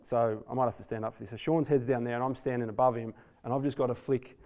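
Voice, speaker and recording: Fast-talking man telling stories. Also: mid-range voice, fairly even intonation, a little mellow. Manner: quick, storytelling, laughs while telling. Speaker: co-host, former rugby player. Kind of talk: casual chat.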